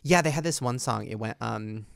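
A man's voice: medium pitch, normal speed, creaky, a bit bright, no echo, studio quality. A man co-hosting a casual interview, joking and teasing with frequent laughs. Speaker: co-host. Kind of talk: casual comedic chat.

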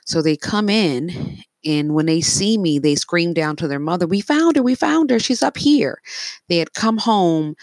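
A woman's voice: sits low, no echo. A woman casually narrating her dreams, rambling with fillers and restarts. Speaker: storyteller.

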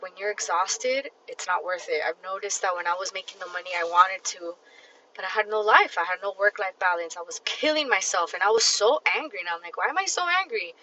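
A woman hosts a casual solo podcast, tired but blunt and emphatic, swearing freely as she talks straight to the listener. Her voice is bright and forceful. The recording sounds dull and lo-fi. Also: medium pitch, a little hiss or hum. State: tired and fatigued. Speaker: podcast host.

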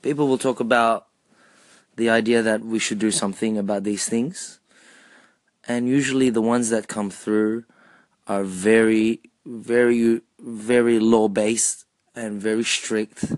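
Slow, measured man, dry sound. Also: lowish voice, fairly even intonation, no echo. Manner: slow, measured, repeated rhetorical questions. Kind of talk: personal monologue.

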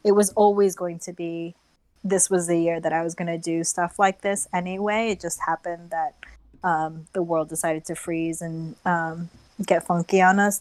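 A woman's voice: fairly low pitch, no echo, poor audio. A young American woman, a travel blogger, chatting casually with many filler words and laughs. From United States. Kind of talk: casual chat.

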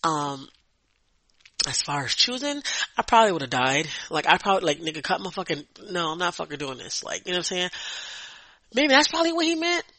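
A woman's voice: lowish voice, big pitch swings, fairly quick, bright, forceful tone, dry recording. A young woman hosting her own podcast, speaking in in a profane, blunt and rambling solo rant, laughing often. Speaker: podcast host. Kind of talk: casual ranting monologue.

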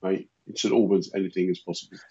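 A man chatting casually, riffing on absurd comic rants with a deadpan delivery. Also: sits low, fast talker, slightly rough. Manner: deadpan rambling jokes, repeats lines. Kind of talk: casual comedic chat. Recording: dull lo-fi sound.

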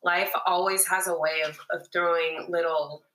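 Woman host, low but bright voice, encouraging questions, kinda roomy. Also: flat delivery, normal speed, slight background noise. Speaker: podcast host. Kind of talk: interviewing conversationally.

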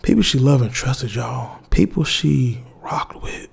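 A man's voice: mid-range voice, expressive, measured pace, vocal fry, slightly rough. A young man, talking to his viewers in a candid, rambling way with slang and restarts. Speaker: vlogger. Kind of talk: casual heartfelt monologue to viewers.

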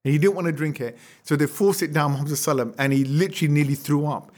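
A man teaching an Islamic history lesson as an animated storyteller, acting out quotes and throwing rhetorical questions at his listeners. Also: fairly high pitch, quick pace. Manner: asks the audience rhetorical questions. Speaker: religious teacher.

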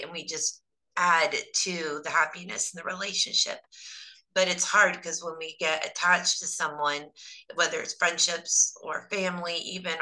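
A woman's voice: low-pitched, bright, forceful tone, low-quality recording. A woman giving a casual, chatty tarot reading on a live stream, her voice strained from overuse. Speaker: tarot reader.

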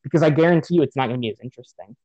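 A man's voice: mid-range voice, racing, dark tone, no room sound, dull audio. A man on a podcast giving a profane, sarcastic rant about a movie in casual chat. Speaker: podcast host.

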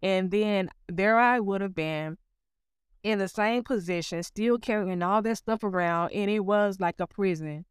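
A woman's voice: mid-range voice, measured pace, clean tone, no echo, studio quality. A woman giving a personal spiritual testimony in an earnest way, calling the listener honey. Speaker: testimony speaker.

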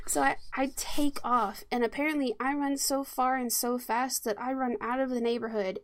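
Woman, casual storyteller, highish voice, dry close sound, laughs easily. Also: fairly even intonation, normal speed, dry recording.

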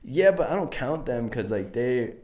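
A man's voice: mid-range voice, very animated, normal speed, a loud crowd. A young man in his twenties from Kentucky with a Southern twang, co-hosting a podcast in casual, joking chat full of filler words. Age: 20s. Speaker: podcast co-host.

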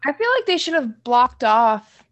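A woman in her thirties from the American South co-hosting a podcast, animated and swearing casually. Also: high voice, unhurried. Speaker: podcast co-host.

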